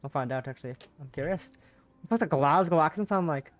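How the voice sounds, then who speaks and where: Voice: mid-range voice, brisk. A streamer rambling and swearing casually during a visual novel playthrough.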